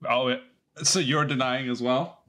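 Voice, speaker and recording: A young man in casual chat with friends, teasing, sarcastic and quick to swear. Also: medium pitch, bright, forceful tone.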